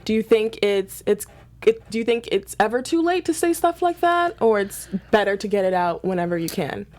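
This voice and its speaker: A woman hosting a TV recap in casual chat, animated, leading the talk and asking her co-host questions. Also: medium pitch, normal speed.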